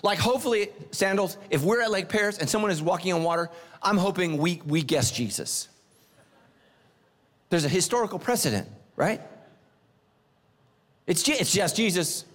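A middle-aged man preaching a sermon in a church, animated and joking, swinging his pitch up and down for emphasis. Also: normal speed, long pauses, long reverb tail. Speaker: pastor. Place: church sanctuary.

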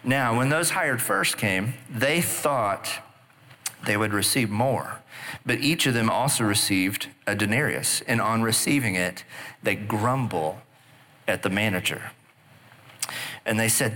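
A man's voice: lowish voice, measured pace. A middle-aged man preaching a sermon, telling the story conversationally and checking in with the congregation as he goes. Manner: conversational, animated storytelling with audience asides. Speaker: pastor.

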